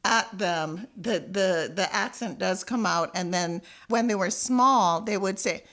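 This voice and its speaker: A woman's voice: medium pitch, unhurried, a bit bright. A middle-aged woman from Jamaica co-hosting a podcast, reminiscing and chiming in with agreement. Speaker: podcast co-host. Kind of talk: casual podcast chat.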